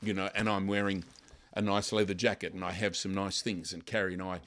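An older man preaching a sermon, impassioned and building to loud dramatic passages. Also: low voice, little pitch movement, a little fast. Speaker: pastor.

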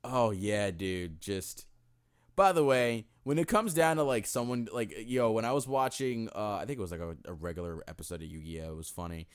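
A man's voice: lowish voice, moderate pace, clear, resonant tone. A young man co-hosting a podcast in a casual, profane, joking chat. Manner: animated, profane, jokey. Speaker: podcast co-host.

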